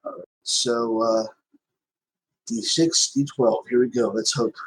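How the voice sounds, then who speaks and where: A man's voice: medium pitch, fairly even intonation, slow pace, breathy edge, low-quality recording. A man playing a tabletop game, hesitant and checking the rules aloud. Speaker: player. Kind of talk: casual tabletop play.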